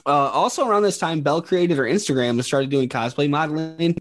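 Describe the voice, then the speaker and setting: A man's voice: on the high side, a little fast. A man hosting a casual podcast, rambling with lots of fillers and laughing at his own jokes. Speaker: podcast host presenting the topic.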